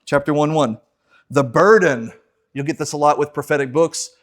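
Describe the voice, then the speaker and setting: Guy teaching bible class, pretty high voice, jokey, does little voices for the quotes. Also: moderate pace. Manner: joking, acts out quoted voices. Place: church classroom.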